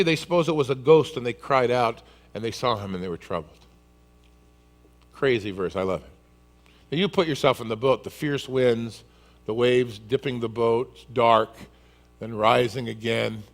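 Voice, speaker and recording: Male pastor, sermon, animated storyteller, acts out scenes, mid-pitched voice.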